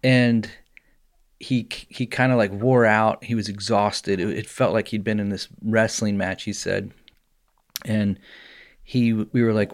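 A man co-hosting a podcast, telling a story in a casual, animated way. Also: fairly low pitch, a little slow. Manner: animated storyteller, laughs often. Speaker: podcast co-host.

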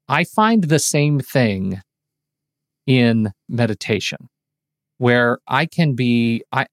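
A man's voice: fairly low pitch, vocal fry, dry recording, studio quality. A man co-hosting a podcast, asking earnest, searching questions with hesitant restarts. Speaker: podcast co-host. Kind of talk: casual conversation.

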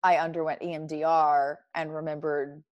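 A woman's voice: deep voice, level tone, moderate pace, dry recording, muffled recording. A woman speaking candidly as an interview guest, reflective and emphatic, often laughing. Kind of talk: candid personal conversation.

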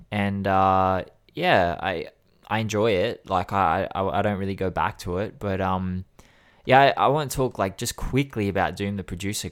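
A man talks through an album in a loose, rambling way, full of fillers and self-corrections. His voice sits low and steady in casual conversation. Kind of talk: casual music discussion.

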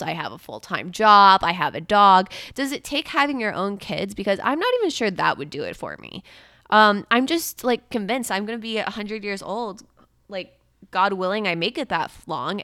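A woman's voice: mid-range voice, sharp tone, dry recording, clean studio sound. A young adult woman hosting a podcast, talking in a casual chatty way, full of "like" fillers. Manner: chatty, filler-heavy with frequent "like". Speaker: podcast host. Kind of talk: casual chat.

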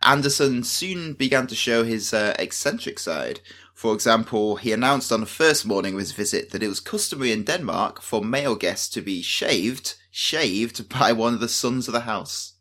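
A man co-hosting a podcast, telling a history story in casual chat with excited outbursts. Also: mid-range voice, moderate pace. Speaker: podcast co-host.

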